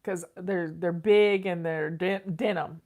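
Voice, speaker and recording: A woman's voice: lowish voice, slow pace, darkish tone. An older woman, chatting casually and repeating herself as she answers viewer questions as host. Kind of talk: casual advice chat.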